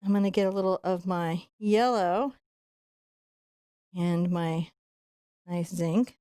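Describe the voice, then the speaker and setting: A woman teaching a live painting tutorial in a soft, soothing voice as she paints. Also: lowish voice, takes it slowly, clean tone, dry recording, clean studio sound. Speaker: painting instructor.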